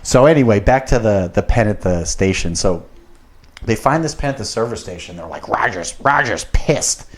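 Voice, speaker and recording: A man's voice: on the low side, animated, fairly quick, a little mellow. A young man on a podcast, casually telling a long story in a profane, rambling way and getting worked up as he goes.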